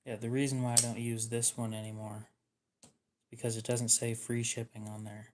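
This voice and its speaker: A man chatting casually on a livestream while showing knives for sale, speaking in a flat monotone. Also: medium pitch, normal speed, noisy background. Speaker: livestream knife seller.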